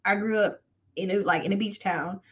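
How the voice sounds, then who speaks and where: A woman's voice: mid-range voice, a little fast, fairly bright tone. A woman from the Southern US, a wrestler guest on a podcast, chatting casually with slang and frequent laughter. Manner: playful, slangy, laughs often.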